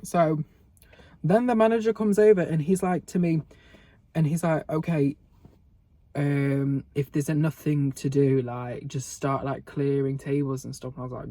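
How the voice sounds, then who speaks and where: A man's voice: fairly high pitch, steady tone, measured pace, dark tone, dry recording. A young man vlogging, telling a gossipy story in a sweary, sarcastic way and laughing often, filmed on a phone camera. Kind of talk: casual storytelling mukbang.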